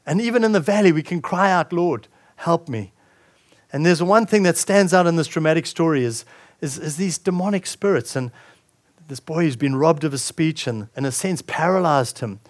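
A man's voice: on the high side, a little fast. A male pastor preaching a sermon, reading scripture aloud and commenting on it with frequent restarts.

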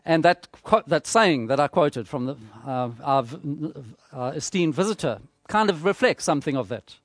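A man preaching a sermon, measured and emphatic, repeating phrases for rhetorical effect. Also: a little high, animated, no room sound, studio quality.

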